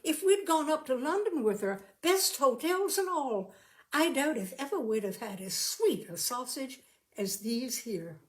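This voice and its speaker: A plain-spoken working man talks with open emotion and unpolished, homely phrasing, as a woman reads him aloud. He speaks slowly, his voice sitting a touch high. This is a storybook reading. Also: big pitch swings. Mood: contented. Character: rough-spoken working man, grieving husband.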